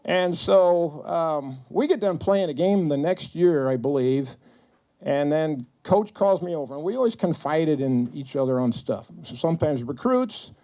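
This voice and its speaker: At a retirement celebration in an event hall, a middle-aged man gives a joking, story-filled speech to the audience, acting out what the people in his anecdotes said. His voice is a little high, mellow, and animated, and he takes his time.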